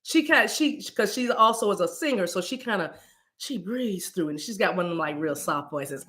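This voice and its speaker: Lively, bright-voiced spiritual woman host. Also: lowish voice, fairly quick. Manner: animated, playful, breaks into chant-like sounds. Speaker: spiritual reader hosting a live stream. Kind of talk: casual live-stream talk with chat.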